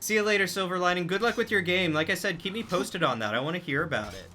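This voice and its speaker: A man imitating a friend of his in a quick, breezy way. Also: high-pitched, animated, sharp tone, slight background noise, voice pushed up. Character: easygoing friendly young man saying goodbye.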